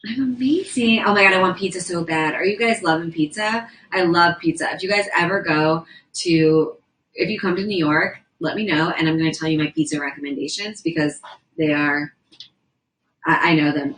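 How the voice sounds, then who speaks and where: A woman's voice: low voice, fairly even intonation, fairly quick, a bit bright, low-quality recording. A young woman livestreaming, chatting casually and rambling as she reads viewer comments aloud from indoors. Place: indoors at a house.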